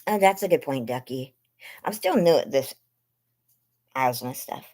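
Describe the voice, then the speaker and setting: Woman, low voice, swooping lively pitch, rambling livestream chat, greeting viewers by name, losing her voice, in bed. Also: measured pace, pauses often. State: losing her voice, lungs hurting. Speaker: livestream host. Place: in bed at home.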